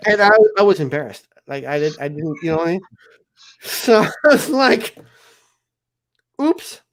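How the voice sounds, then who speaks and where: Speaking fairly quickly in a higher-pitched voice, a South African livestream host in his forties chats casually. His stories wander, and he frequently starts over mid-thought.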